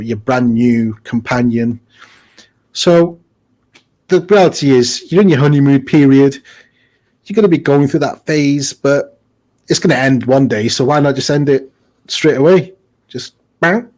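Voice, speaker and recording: A man's voice: on the high side, darkish tone. A man co-hosting a casual advice podcast, joking and acting out little scenes as he talks. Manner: jokey, acts out little scenes. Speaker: podcast co-host.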